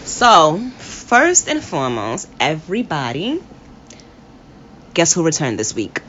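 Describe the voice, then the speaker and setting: Animated New woman with low voice. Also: slow pace. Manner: animated, laughing, slangy. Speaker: podcast co-host. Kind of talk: casual sports chat. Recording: dull lo-fi audio with faint hiss.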